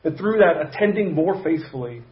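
A man pastor telling a personal story in a sermon, conversational and halting, with frequent restarts. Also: fairly high pitch, expressive, reverberant, muffled recording. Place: church sanctuary.

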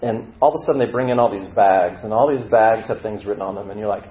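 A man's voice: lowish voice, quick pace, hardly any pauses, a little hiss or hum. A man giving a sermon as a story, acting out the inner voice of a struggling believer and dropping to a murmur for quoted doubts. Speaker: preacher. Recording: roomy, slightly dull sound.

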